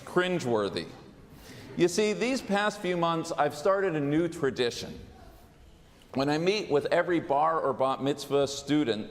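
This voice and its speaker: A man, a rabbi, giving a sermon in a measured, deliberate way with dry humor, in a large synagogue sanctuary on a pulpit microphone. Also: medium pitch. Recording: long reverb of a large sanctuary.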